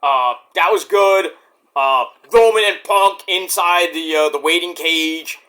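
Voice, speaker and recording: Excitable high-voiced young man ranting. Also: measured pace. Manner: excitable and rambling, swears, jumps to shouts. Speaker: wrestling reviewer. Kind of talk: casual spoken event review.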